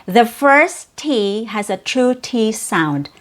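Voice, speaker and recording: A woman whose first language is Cebuano, teaching an English pronunciation lesson and slowly repeating sounds and words for the learner. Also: on the high side, sing-song. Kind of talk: slow, clear pronunciation lesson.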